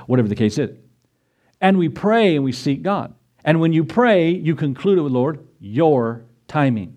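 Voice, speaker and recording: A middle-aged pastor giving a sermon, climbing to a high, urgent pitch as he presses his points and briefly acts out the voices of biblical figures. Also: expressive, normal speed, darkish tone.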